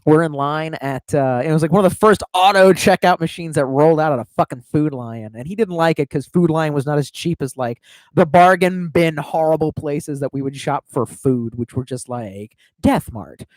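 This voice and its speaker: A man's voice: on the high side, normal speed, darkish tone, dry recording. A man in his thirties on a livestream telling rambling, profane stories and laughing at his own tangents. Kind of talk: rambling storytelling.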